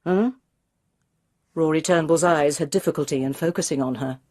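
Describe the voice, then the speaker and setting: A woman reading a mystery novel aloud in measured, expressive narration, close to the mic. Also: low voice, dry recording. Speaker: audiobook reader.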